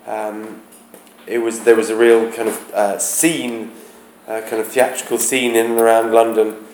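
A man teaching a class, talking haltingly, searching aloud for words and chanting rhythms to show them. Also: on the low side, flat delivery, darkish tone, slight background noise. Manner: demonstrates rhythms by chanting beats. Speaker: English teacher. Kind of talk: classroom explanation of a play. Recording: roomy, echoey classroom.

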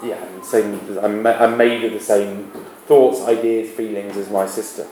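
A man's voice: fairly low pitch, level tone, dark tone, roomy sound, slight background noise, low-quality recording. A male literature teacher giving a classroom lesson, often restarting his sentences. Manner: halting, with many restarts and fillers.

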